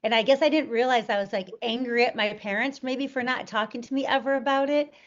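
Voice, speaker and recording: A woman's voice: fairly high pitch, steady tone, fairly quick, muffled recording. A woman in an interview, telling a personal story in an earnest, rambling way with lots of "like" and "you know". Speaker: interview guest. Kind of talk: candid personal storytelling in conversation.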